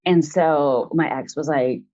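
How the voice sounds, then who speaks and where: A woman's voice: deep voice, slow, mellow, muffled recording. A woman in her forties, an interview guest, telling a personal story in a rambling, frank way full of fillers.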